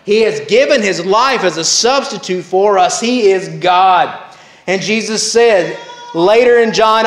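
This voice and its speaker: A male pastor preaching a Baptist sermon, slow and emphatic, with repeated refrains. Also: high-pitched, a bit bright. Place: church sanctuary. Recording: echoey church sanctuary.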